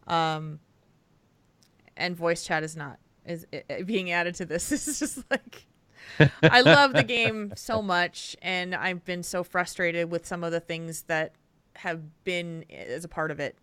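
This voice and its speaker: Woman podcast host, bright clear voice, dry close mic, chatty with fillers. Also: fairly low pitch, a little slow, no room sound. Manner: chatty, laughs often, trails off with fillers. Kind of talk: casual podcast chat.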